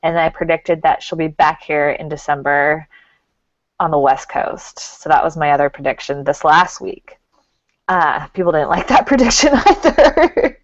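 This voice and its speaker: A woman's voice: low voice, expressive, unhurried, no echo. A woman co-hosting a casual talk show as the psychic, chatty and giggly. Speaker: co-host, psychic. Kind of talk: casual chat. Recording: dull lo-fi sound.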